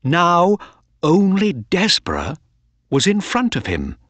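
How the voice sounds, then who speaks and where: A man reading a storybook aloud for learners, very slowly and clearly. His pitch moves widely and expressively, and the sound is close and dry. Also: no echo. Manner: slow, clear, lively reading. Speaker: narrator. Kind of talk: slow storybook narration for learners.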